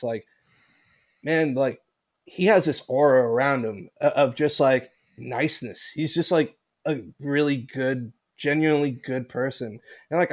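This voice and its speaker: A man who works as a bartender, guest on a podcast, talking casually and enthusiastically, often saying bro and man. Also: on the high side. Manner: enthusiastic and animated, says bro and man a lot. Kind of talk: casual chat.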